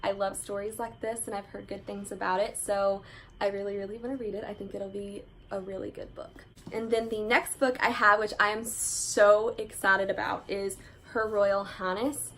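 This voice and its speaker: A woman's voice: mid-range voice, level tone, normal speed, fairly bright tone, slight background noise, low-quality recording. A woman chatting eagerly as a book vlogger, full of "like" fillers. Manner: chatty and enthusiastic, many "like" fillers. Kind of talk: casual book haul chat.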